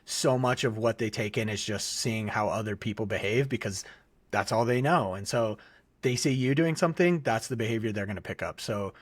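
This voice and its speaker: A man in his thirties, a podcast co-host, calmly giving earnest, reflective advice in casual chat. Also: lowish voice, a little fast, slightly rough. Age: 30s.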